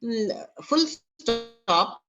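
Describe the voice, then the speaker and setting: A woman teaching an online class with an Indian English accent, talking haltingly with many fillers. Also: fairly high pitch, expressive, music in the background. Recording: dull lo-fi online class audio.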